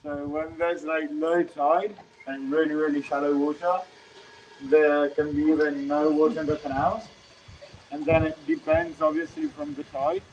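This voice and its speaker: Gravelly man as captain, a little high-pitched, heard from afar on a dull recording with faint noise. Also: normal speed, a little mellow, far from the mic. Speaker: boat captain. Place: on a boat in a lagoon.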